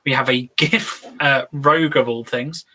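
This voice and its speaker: A man's voice: mid-range voice, steady tone, a little slow, pushed and bright, poor audio. A man co-hosting a casual tabletop gaming chat, talking in a rambling, hesitant way with lots of fillers. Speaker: co-host.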